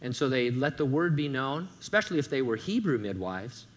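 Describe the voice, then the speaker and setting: A man's voice: medium pitch, sing-song, a little fast, a little hiss or hum. A man preaching a sermon as pastor, conversational, with joking asides, sometimes stumbling and repeating words.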